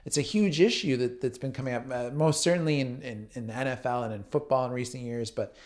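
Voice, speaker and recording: Man as host interviewer, calm and measured, asking careful questions. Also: mid-range voice.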